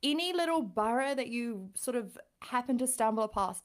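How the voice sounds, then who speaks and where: Giggly New Zealand woman, slightly high. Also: expressive, normal speed. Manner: chatty, giggly, swearing. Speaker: podcast co-host. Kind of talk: casual chat.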